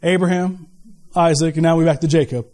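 A middle-aged male pastor preaching a sermon in a lively, conversational way, full of asides and quick retold scenes. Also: fairly high pitch.

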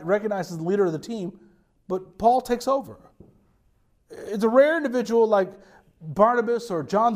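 Male pastor, high voice, lively sermon with restarts and asides. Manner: animated preaching with restarts and asides.

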